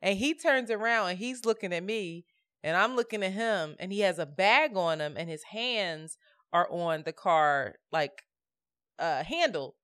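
A woman co-hosting a podcast, telling a story in a casual, expressive way and acting out the dialogue. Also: fairly low pitch, unhurried, smooth, dry recording, studio quality. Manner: expressive, laughing, acts out dialogue. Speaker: podcast co-host. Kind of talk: casual chat, animated storytelling.

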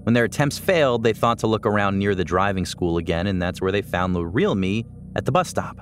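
A deep-voiced man reads a first-person story aloud. His delivery is steady and measured, like scripted narration. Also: a little hiss or hum. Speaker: podcast narrator.

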